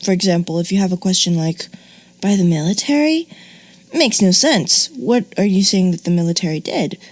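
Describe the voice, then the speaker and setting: A woman's voice: on the low side, expressive, moderate pace, darkish tone, no room sound. A woman teaching a grammar lesson on video, talking expressively and asking playful rhetorical questions.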